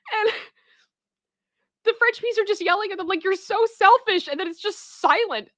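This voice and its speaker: Bright, animated woman streamer. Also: very high voice, unhurried, dry recording, lo-fi sound. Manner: animated, retells a sketch with character voices. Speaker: livestream host. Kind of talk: casual livestream chat.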